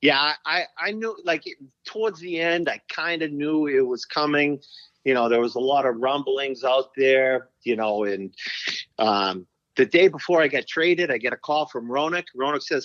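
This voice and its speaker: A middle-aged man, a former pro hockey player, telling stories as a podcast guest in a profane, animated way, acting out quotes. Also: medium pitch, moderate pace, dry recording, highs cut off. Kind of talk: casual storytelling interview.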